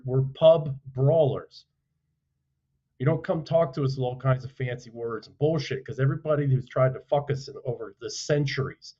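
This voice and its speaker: A man speaking as a podcast guest, telling stories bluntly and forcefully, with profanity and rhetorical questions. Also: medium pitch, muffled recording. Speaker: podcast guest, author and former soldier. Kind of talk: forceful conversational storytelling.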